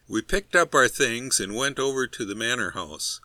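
A man's voice: medium pitch, animated, normal speed, sharp tone, dry recording. A man reading a humorous story aloud in a dry, wry storytelling manner. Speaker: narrator. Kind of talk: scripted narration.

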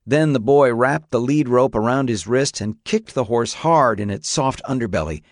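A man narrating a story in a steady, measured audiobook reading. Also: medium pitch, no echo, clean studio sound.

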